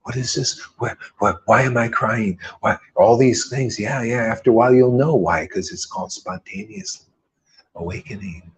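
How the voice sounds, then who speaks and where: A man with a mid-range voice preaches at a moderate pace in a loose, informal style. The spiritual teacher rambles fervently, dropping slang and mimicking others in mocking quoted voices.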